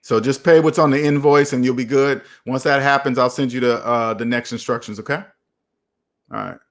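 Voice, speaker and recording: A young man hosting a casual live chat about personal finance, talking in an animated, preachy and repetitive way. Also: mid-range voice, moderate pace. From United States. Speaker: finance channel host.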